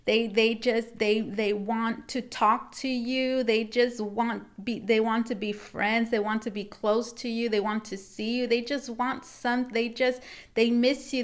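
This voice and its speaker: A woman tarot reader talking casually to viewers, rambling and repeating herself as she reads the cards. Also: a little high. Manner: rambling and repetitive, addressing viewers as guys. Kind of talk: casual tarot reading to camera.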